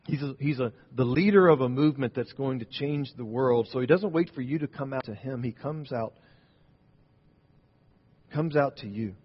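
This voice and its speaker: A man preaching a sermon, telling a story as he builds to loud points and drops to quiet ones. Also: medium pitch, a little fast, few pauses, slightly rough. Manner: storytelling, rising and falling in volume. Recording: dull sound in a reverberant hall.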